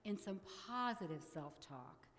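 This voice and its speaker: A middle-aged woman minister giving a sermon in a church, leading the congregation in spoken affirmations in a measured way. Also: mid-range voice, lively intonation, big-room sound.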